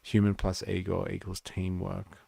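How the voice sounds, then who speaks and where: A man's voice: low-pitched, completely flat delivery, moderate pace, vocal fry, mellow, slightly rough, dry recording. A man with an Australian accent hosting a livestream, reading out an explainer and rambling through casual commentary with lots of filler words. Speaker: livestream host. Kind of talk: casual commentary while reading and reacting to a video.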